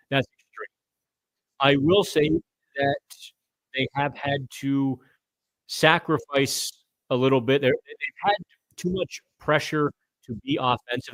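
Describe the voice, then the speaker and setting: A middle-aged hockey podcast host runs a live chat, responding to viewer comments as he thinks out loud and occasionally tripping over names. His voice sits in the mid range, and there's no room sound.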